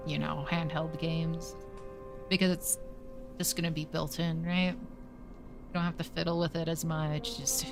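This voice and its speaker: A woman streamer in casual live-stream chat with viewers, chatty and thinking aloud, swearing casually. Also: deep voice.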